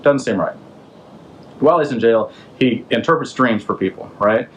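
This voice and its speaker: A man's voice: mid-range voice, moderate pace, a little hiss or hum, poor audio. Male podcast host, mid-range voice, casual slangy storyteller. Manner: conversational, loose, slangy, asks the listener questions. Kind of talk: casual retelling of a Bible story.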